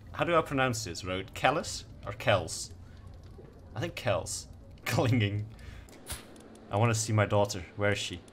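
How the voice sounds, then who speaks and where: A man's voice: on the low side, a little hiss or hum. A young man doing casual let's-play commentary, laid-back, swearing now and then and reading game text aloud. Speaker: gaming streamer.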